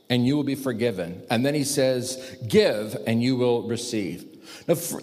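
A man preaching from the pulpit of a church, his pitch leaping and falling as he lands each point. His voice sits a little high for a man and rings with a long hall reverb. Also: husky. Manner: preaching with emphatic raised commands. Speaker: pastor. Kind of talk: sermon.

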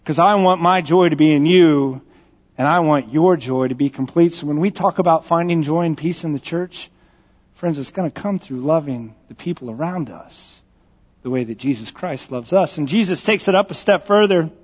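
A high-pitched man preaches in a relaxed, folksy way, teasing his congregation between stories. His voice rings with the long reverb of a church sanctuary. The recording is slightly dull. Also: moderate pace. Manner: joking, folksy, speaks directly to the congregation. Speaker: pastor. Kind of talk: conversational storytelling sermon.

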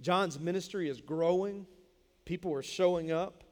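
Casual preacher in a reverberant hall. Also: male voice, sits high, moderate pace, darkish tone. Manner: conversational, jokey, repeats words while explaining. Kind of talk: sermon. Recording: long reverb in a large hall.

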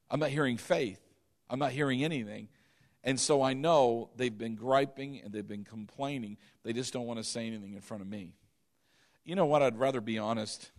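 A male pastor preaching a sermon in an emphatic, animated way, with sudden swings in loudness. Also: mid-range voice, creaky.

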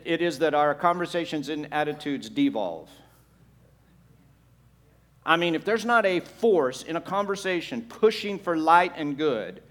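In his sermon, a pastor alternates between soft, low-voiced moments and loud, emphatic ones, putting rhetorical questions to the congregation.

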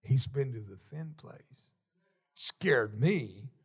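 A middle-aged man preaching a sermon, telling folksy stories with emotion and sudden shouted swells. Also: mid-range voice, lively intonation, very slow, breathy edge. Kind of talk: sermon storytelling.

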